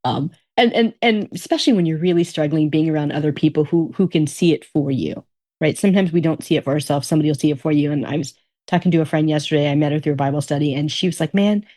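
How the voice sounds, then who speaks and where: A woman's voice: deep voice, quick pace, mellow. A woman guest telling stories in a casual conversation, often repeating her phrases. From Alaska.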